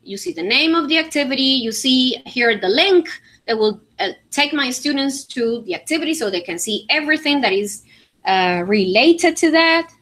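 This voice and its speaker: A woman gives a conference talk about teaching pronunciation. Her voice sits a little high and sounds bright. She explains things step by step, often pausing on fillers and checking in with the audience. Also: animated. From Venezuela. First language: Spanish. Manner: explanatory, many fillers and "all right?" checks. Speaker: English teacher presenting. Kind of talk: conference presentation with screen demo.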